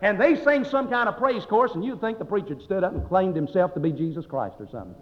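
A man's voice: high-pitched, animated, quick pace. A male pastor preaching a sermon in a folksy, emphatic way, swelling and dropping his voice. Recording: dull sound with long hall reverb.

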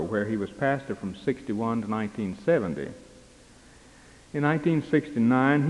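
Man, chapel announcements, halting with fillers, middle pitch, long reverb. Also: a little mellow. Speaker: chapel presider introducing the speaker. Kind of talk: announcements and speaker introduction.

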